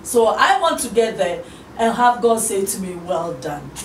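Middle-aged woman, encouraging minister, fairly high voice, roomy studio, distant mic, faint hiss. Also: big pitch swings, moderate pace. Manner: earnest encouraging, acts out quoted voices. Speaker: guest minister. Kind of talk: interview.

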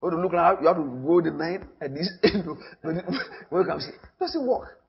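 A man with a Nigerian accent preaching a sermon in church. He talks with emphasis, repeats his phrases and swings from loud to hushed. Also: a little high, expressive, fairly quick, vocal fry, highs cut off. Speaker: pastor.

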